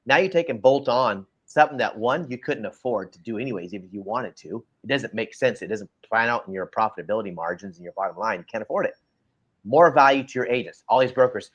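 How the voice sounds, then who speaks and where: A man's voice: medium pitch, lively intonation, fast, fairly bright tone, muffled recording. Blunt, emphatic man ranting. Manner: emphatic, blunt, lectures the listener directly. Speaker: podcast co-host. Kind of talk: casual ranting talk show.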